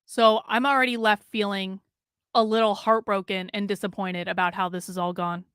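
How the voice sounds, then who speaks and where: A woman hosting a live stream, giving casual, opinionated political commentary in a fast, blunt manner. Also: medium pitch, little pitch movement, a bit bright, smooth, no echo, clean studio sound.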